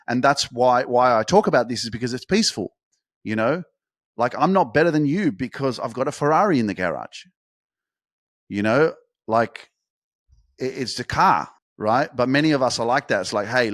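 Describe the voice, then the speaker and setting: A man's voice: mid-range voice, no echo, clean studio sound. A man hosting a podcast, giving a blunt motivational monologue full of swearing and repeated emphasis. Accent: Australian. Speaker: podcast host.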